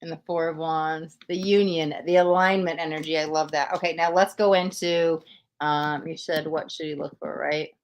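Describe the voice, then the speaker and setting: A woman's voice: low voice, steady tone, normal speed. A young woman hosting a live-stream tarot reading, emotional and gushing as she talks straight to her viewers.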